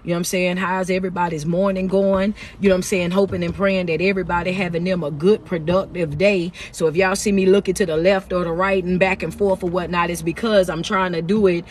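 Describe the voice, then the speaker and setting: A woman's voice: on the low side, fairly even intonation, fairly quick, few pauses, slight background noise. A woman motivational speaker and life coach, greeting viewers and preaching in a chatty phone livestream pep talk.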